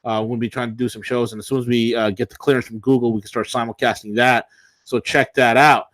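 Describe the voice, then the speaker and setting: A man's voice: mid-range voice, little pitch movement, fast talker, a bit bright, dry recording. A man co-hosting a political talk show, ranting combatively and sarcastically.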